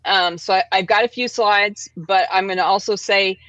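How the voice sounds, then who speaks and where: A woman's voice: mid-range voice, steady tone, moderate pace, a bit bright, no room sound. Chatty woman livestream host, dry lo-fi. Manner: chatty, laughing often, many fillers. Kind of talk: casual livestream chat. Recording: dry, dull lo-fi sound.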